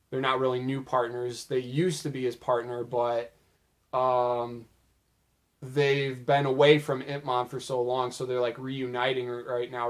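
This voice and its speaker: A young man casually recapping funny anime moments, chatty and loose, with lots of filler words. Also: medium pitch. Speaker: video creator.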